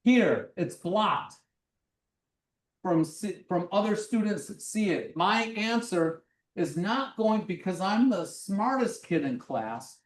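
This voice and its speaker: A middle-aged physics presenter runs a lively workshop, acting out examples and projecting loudly at times. The voice sits a little away from the microphone. The room gives it a noticeable echo. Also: medium pitch, distant mic. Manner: animated, acts things out, projects loudly. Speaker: physics lecture demonstrator. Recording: roomy sound from away from the mic.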